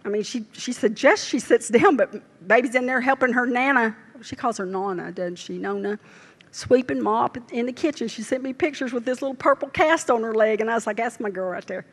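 An older woman with a drawl preaches to her congregation in a folksy, storytelling way. Her voice sits a little high for a woman. She speaks in homespun, down-home turns of phrase. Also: brisk, in a large hall. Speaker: lay preacher. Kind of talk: folksy sermon. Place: church service.

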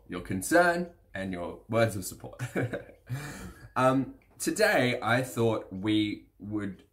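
A man with a slightly croaky, congested voice hosts a casual commentary vlog, talking straight to camera. He speaks slowly and hesitantly, with plenty of fillers, in a low voice. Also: fairly bright tone. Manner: measured, hesitant with many fillers. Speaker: reaction channel host.

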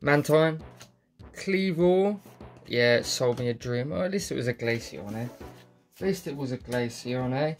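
A man's voice: medium pitch, expressive, unhurried, faint music behind. A man giving casual, sweary running commentary while opening card packs, muttering and joking to himself. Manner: sweary, muttering, jokey asides. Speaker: card pack opener.

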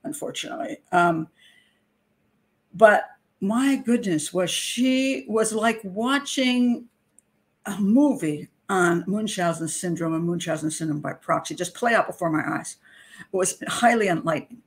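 A middle-aged woman, a criminal profiler, tells a personal story in an animated, indignant way with wry laughter. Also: mid-range voice, a little slow.

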